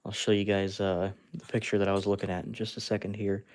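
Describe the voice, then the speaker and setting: Man, low-pitched voice, relaxed live-stream chat, chuckles often, narrates his handiwork. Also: fast. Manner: chatty, laughs often, narrates while working with his hands; talks to fans and reads out chat. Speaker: live-stream host sculpting with clay. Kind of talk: casual live-stream commentary.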